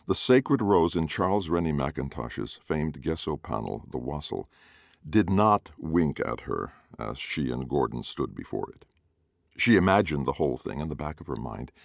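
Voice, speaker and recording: Deep-voiced, wry male storyteller. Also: gravelly, no echo, studio quality. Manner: wry, expressive. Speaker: narrator. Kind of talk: storytelling narration.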